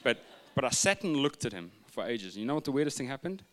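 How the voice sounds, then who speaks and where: A man, preaching a sermon with humorous stories and hushed retellings. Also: mid-range voice, very animated, fast talker. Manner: humorous storytelling, shifting from loud asides to hushed retelling. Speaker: pastor.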